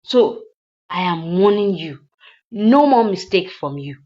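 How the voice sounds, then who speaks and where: A woman voicing a furious rich woman who orders a killing, loud and repeating her demands. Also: on the low side, lively intonation, slow, dull audio.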